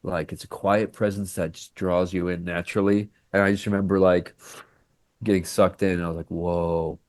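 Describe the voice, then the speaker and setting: A man's voice: low-pitched, brisk, no room sound. A man, an actor, telling behind-the-scenes stories in a casual podcast interview and acting out the dialogue as he goes. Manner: animated storyteller who acts out quoted dialogue. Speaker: actor guest.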